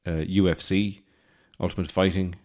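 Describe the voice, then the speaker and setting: An Irish man in his forties, hosting a podcast with a rambling, deadpan comic monologue full of fillers and restarts. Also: low-pitched, moderate pace. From Ireland. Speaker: podcast host.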